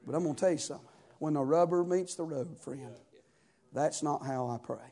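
A man's voice: a little fast, mellow. A man preaching a sermon as pastor, with a chanting cadence broken by frequent "amen" and "uh". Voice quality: high-pitched for a man.

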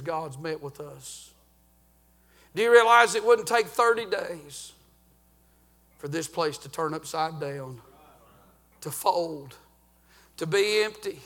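A man preaching a sermon as pastor, swinging from sung, shouted climaxes down to low, hushed warnings. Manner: fervent preaching, rising to chanted shouts then dropping low.

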